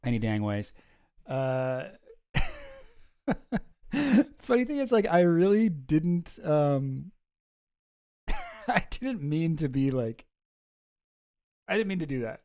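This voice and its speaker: Chill guy rambling on his stream, mellow voice, laughs a lot. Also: a little high, big pitch swings, slow, long pauses, clear, resonant tone. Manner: rambling and chuckling, reacting to chat. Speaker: streamer host. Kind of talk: casual livestream chat.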